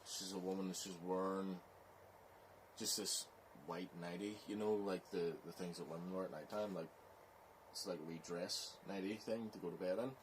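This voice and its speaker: A man with a Belfast accent, telling a scary story in slow, rambling casual chat, with "so it is" tags. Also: low voice, fairly even intonation. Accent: Northern Irish, Belfast.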